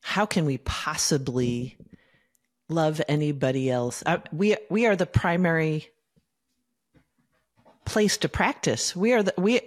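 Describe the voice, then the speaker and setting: A woman with a somewhat low voice chats as a podcast co-host. She talks in a thoughtful, affirming way, easy and conversational. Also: a little slow, long pauses. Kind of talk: casual chat.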